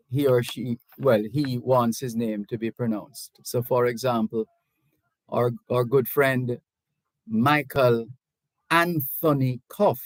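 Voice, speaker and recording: A middle-aged Jamaican man hosting a call-in radio talk show. He reads listener messages aloud and talks in a measured, deliberate way, often restarting his sentences. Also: mid-range voice, no echo, low-quality recording. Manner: deliberate, measured, with frequent restarts and hedging asides. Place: radio studio. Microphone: studio microphone.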